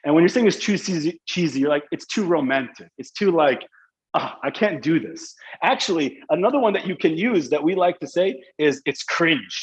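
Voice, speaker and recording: A man's voice: fairly high pitch, lively intonation, moderate pace, poor audio. A young man teaching an online English class, explaining slang in a casual, playful way.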